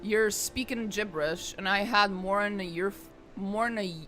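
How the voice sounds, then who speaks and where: A woman's voice: mid-range voice, normal speed, bright, forceful tone, faint music behind, close to an everyday voice. A woman voicing a menacing old male ghost pirate in a game, in a theatrical put-on pirate voice that drifts toward a drawl. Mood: scornful.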